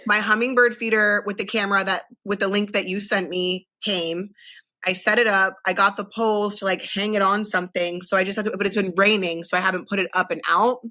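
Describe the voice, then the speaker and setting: Woman cohost just chatting, bright voice, swears a lot, super candid. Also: mid-range voice, steady tone, brisk. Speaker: podcast co-host. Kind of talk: casual chat.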